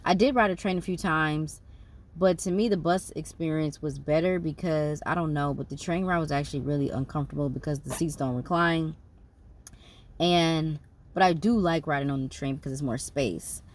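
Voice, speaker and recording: A woman's voice: low-pitched, moderate pace. A woman, rambling casually through a travel recap with fillers and self-corrections. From United States. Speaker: travel vlogger.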